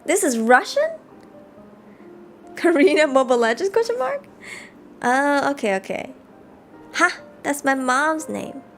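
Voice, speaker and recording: A woman live-streaming a game, reading the story text aloud and chatting with viewers in an animated way. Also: fairly high pitch. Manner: animated, chatty, reads narration aloud between chat replies.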